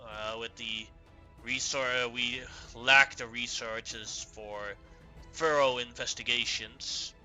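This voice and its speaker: A man voices a sultan who speaks in slow, measured, formal sentences. His tone is very bright and forceful. He regrets his failures in guarding his city. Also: mid-range voice. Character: male Sultan ruler, formal and remorseful.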